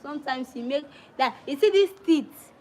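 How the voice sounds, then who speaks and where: A high-pitched young woman with a Sierra Leonean Krio-tinged accent, chatting casually on a livestream. She speaks directly to her viewers in a chatty way and mixes Krio phrases into her English. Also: animated, normal speed, a little mellow, a little hiss or hum, low-quality recording. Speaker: livestream host.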